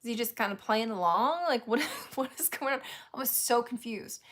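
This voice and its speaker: A woman's voice: on the high side, moderate pace, fairly bright tone. A woman hosting a casual chat, telling a story candidly and laughing often. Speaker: host.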